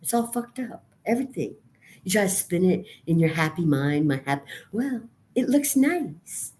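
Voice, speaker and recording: A middle-aged woman venting in a raw, profane monologue to camera, swinging from quiet brooding to loud outbursts. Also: sits low, animated, normal speed. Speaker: vlogger.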